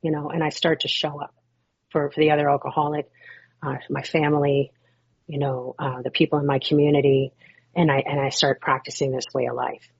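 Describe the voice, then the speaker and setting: A woman's voice: low voice, flat delivery, fairly quick, gravelly, breathy edge, no room sound, dull audio. A middle-aged woman, originally from Canada, giving a rambling, grateful personal share as guest speaker at a recovery meeting. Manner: rambling, warm and grateful, with many restarts and fillers.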